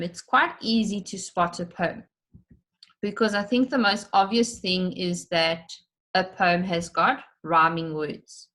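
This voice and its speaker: A woman teaches an online lesson for children, explaining things step by step and stretching words out to show their syllables. Her voice is medium in pitch and a bit bright.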